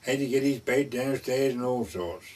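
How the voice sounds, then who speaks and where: An older man voicing a fussing country farmer's wife, pitching his voice up and raising it. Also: moderate pace, darkish tone, distant mic, natural voice.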